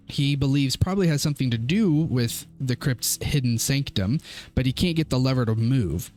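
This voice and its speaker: A man narrating as game master of a tabletop game, giving an easygoing, unhurried lore recap. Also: mid-range voice, darkish tone.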